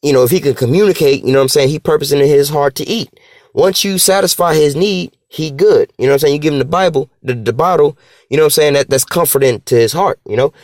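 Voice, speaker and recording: A man giving a casual, slang-filled Bible teaching, talking conversationally and slowing down to read scripture. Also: fairly high pitch, darkish tone, dry recording.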